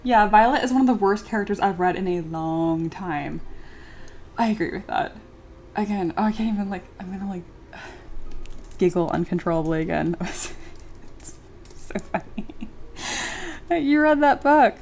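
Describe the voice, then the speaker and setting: A woman streamer chatting casually during a livestream and reading viewer comments aloud, animated and full of filler words, often giggling. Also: medium pitch, moderate pace, a little hiss or hum. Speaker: streamer and miniature sculptor.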